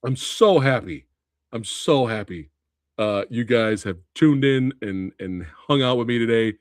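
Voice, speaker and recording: A man hosting a casual livestream, reacting with laughter and loud exclamations, swearing freely. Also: medium pitch, measured pace, no echo, studio quality. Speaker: movie review livestream host.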